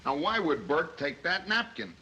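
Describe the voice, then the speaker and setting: A man playing a brash, impatient police inspector in a 1930s film, gruff and wisecracking as he barks orders. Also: fairly high pitch, sing-song, normal speed, pushed and bright, lo-fi sound.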